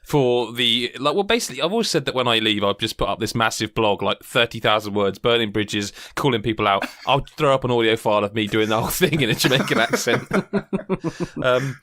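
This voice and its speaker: A man hosting a podcast in casual, animated chat, often laughing and cutting in. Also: mid-range voice, fairly quick, no echo, clean studio sound. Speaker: podcast host.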